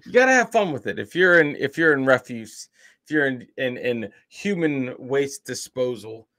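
A laid-back man of middle pitch tosses out amused remarks in a casual chat. He talks easily, keeping it relaxed. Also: moderate pace. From United States. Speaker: reaction video co-host.

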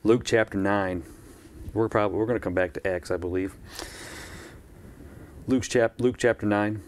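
A man's voice: fairly low pitch, steady tone, moderate pace, darkish tone, a little hiss or hum. A man preaching a live-streamed church sermon in a conversational way, with asides and repeated phrases.

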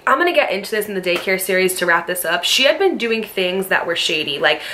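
A woman's voice: mid-range voice, pushed and bright. A young woman telling a story to camera, heated, blunt and swearing freely, firing off rhetorical questions. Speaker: storytime vlogger. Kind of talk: casual storytelling.

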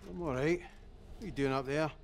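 An actor playing a weary, dry-humoured Scottish oil rig electrician in a video game. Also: male voice, fairly high pitch, normal speed, a little hiss or hum, close to an everyday voice.

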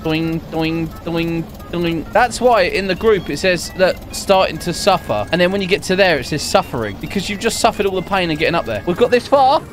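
Young male gaming host, jokey and excitable, lively high-ish delivery. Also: fairly quick, few pauses, faint music behind. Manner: excitable, jokey, laughs often. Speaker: gaming YouTuber. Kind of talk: live gameplay commentary.

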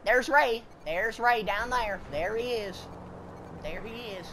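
A woman's voice: fairly high pitch, slow, background noise. Rowdy, profane woman gamer on voice chat. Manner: loud, goofy and profane, drawling y'all and feller. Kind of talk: rowdy party chat while gaming.

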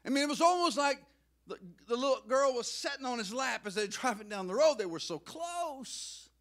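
A male pastor preaching a sermon in a church, emotional and excitable, rising to loud outbursts. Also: very high-pitched, brisk. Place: church sanctuary.

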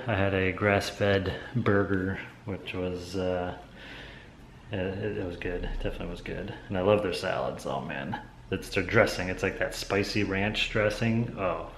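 A man's voice: low voice, echoey room, slight background noise. A man talking casually in a laid-back, rambling way with fillers for a family vlog. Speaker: family vlogger.

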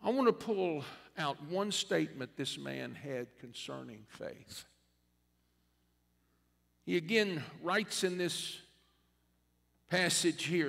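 A man preaching a sermon as a bishop, in a church sanctuary, with a preaching cadence that rises to loud repeated refrains. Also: fairly high pitch, lively intonation, takes it slowly, creaky, pauses often. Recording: long reverb of a church hall.

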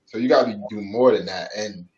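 A man's voice: lowish voice, fairly quick, darkish tone, dull audio. A man on a casual panel show, joking around in slangy talk about dating. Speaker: panel guest.

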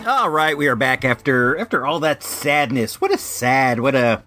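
Man, podcast host, casual chat, rambling storyteller, mid-pitched voice. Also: expressive, moderate pace, sharp tone, soft background music.

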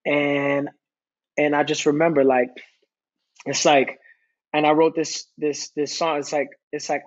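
A man's voice: a little high, little pitch movement, unhurried, long pauses, muffled recording. A man guest on a podcast, candidly telling a personal story in an earnest, rambling way. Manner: earnest, rambling, reciting his own lyrics. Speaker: podcast guest, singer-songwriter.

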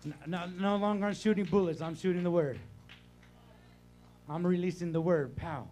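An older male pastor delivering a sermon in a church sanctuary. His voice sits high for a man, and he swings between loud, animated bursts and quiet, low stretches. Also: normal speed, a little hiss or hum.

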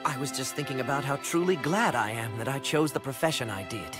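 Polite young guy played by a man ordering food, hesitant, mid pitch, music behind. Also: brisk, close to an everyday voice. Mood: content.

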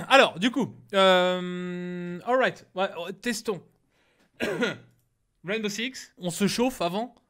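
A man's voice: sits high, fairly bright tone. A young man from France streaming a game, joking and mocking himself in casual chat, switching between French and English with a French accent. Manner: joking, self-mocking, quick restarts.

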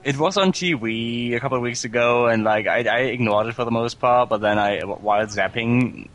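A man's voice: mid-range voice, normal speed, fairly bright tone, rough recording. A man acting as guest commentator on a game stream, dry and sarcastic, reading out viewer comments. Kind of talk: casual gaming livestream chat.

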